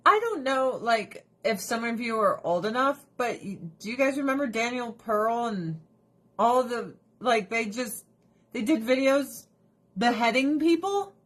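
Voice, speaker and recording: A woman's voice: on the high side, expressive, measured pace. A woman ranting bluntly and swearing on a casual livestream while doing her skincare, breaking into laughs between remarks. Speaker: livestream host.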